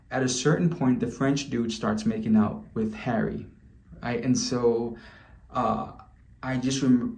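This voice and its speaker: A man's voice: medium pitch, warm tone. A man vlogging, telling a candid story to camera in a loose, chatty way. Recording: roomy echo.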